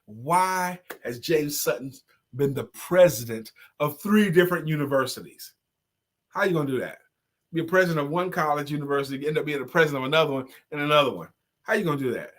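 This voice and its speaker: A middle-aged man hosting a live stream, playfully giving viewers shout-outs with short improvised sung and rapped jingles and frequent laughter. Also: on the high side. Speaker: host.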